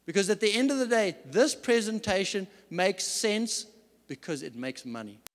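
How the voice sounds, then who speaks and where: A man with a notably high voice delivers a faith-based business talk as a company CEO. He tells stories earnestly, with emphatic stress. The sound comes from a large event hall with a long, lingering reverb. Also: expressive, moderate pace.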